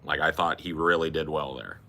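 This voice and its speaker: With a very deep voice and fairly even intonation, this podcast host speaks fairly quickly in a bright, forceful tone. He rambles bluntly about movies in casual chat, swearing a lot.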